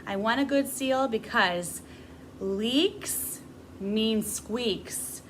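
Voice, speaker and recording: A woman's voice: fairly high pitch, very slow, a little hiss or hum, low-quality recording. A grown woman teaching a beginner music class to camera, patient and encouraging as she demonstrates. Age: adult.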